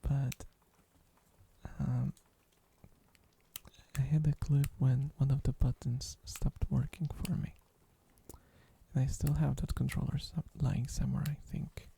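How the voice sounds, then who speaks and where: A slow, very breathy and gravelly whisper right up against the microphone. This streamer rambles playfully through whispered ASMR chat, dropping meows whenever chat asks for them. The tone is dark and hushed, never bright. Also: mid-range voice. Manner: playful, giggly, meows on request.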